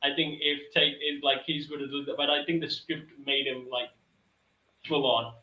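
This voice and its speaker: A man's voice: mid-range voice, level tone, moderate pace. A man on a panel giving rambling, hesitant opinions in a casual chat. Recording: dull, roomy lo-fi audio.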